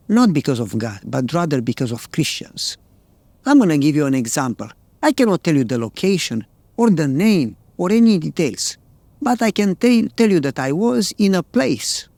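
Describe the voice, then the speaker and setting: A man's voice: fairly high pitch, a little mellow, dry recording. A male pastor preaching a sermon, telling a story in plain, earnest words.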